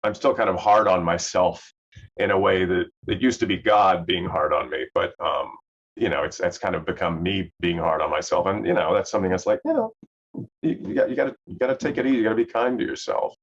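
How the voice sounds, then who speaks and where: A middle-aged man talks in a very deep voice with a faint Southern US accent. He rambles easily through his answers, full of fillers and restarts. The recording sounds somewhat dull and lo-fi. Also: a little fast. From Southern US, Memphis. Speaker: actor guest. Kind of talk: casual interview chat.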